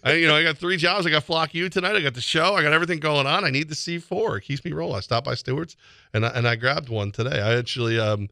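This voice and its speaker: A man co-hosting a sports radio show in casual banter, telling stories animatedly and jumping into high voices to quote people. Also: fast talker, vocal fry, dry recording, studio quality. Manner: animated storyteller, jumps into high voices when quoting people.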